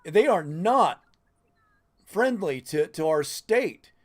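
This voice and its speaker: A man's voice: fairly high pitch, lively intonation, slow. A man hosting an interview, talking bluntly and indignantly and swearing freely. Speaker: host. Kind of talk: casual interview talk.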